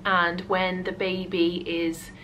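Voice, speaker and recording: A woman's voice: on the low side, completely flat delivery, takes it slowly, a bit bright, lo-fi sound, slight background noise. A British woman vlogging at home in casual chat to camera, chatty and rambling, often out of breath. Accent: British English. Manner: chatty and rambling, with many fillers.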